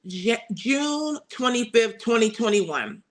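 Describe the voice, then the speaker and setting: A woman's voice: on the high side, lively intonation, slow pace. Earnest faith-filled woman guest. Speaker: guest, publishing CEO. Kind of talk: interview answers.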